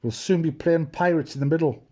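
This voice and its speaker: A man's voice: fairly high pitch, brisk, lo-fi sound, pitched above the performer's own voice, close to an everyday voice. A man doing a bossy pirate captain. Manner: commanding, shouting orders.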